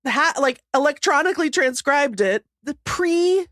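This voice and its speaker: A woman's voice: high voice, lively intonation, measured pace, a bit bright, dry recording, studio quality. A woman in her thirties co-hosting a podcast, rambling in casual chat with self-deprecating humor and laughter. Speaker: podcast co-host, author.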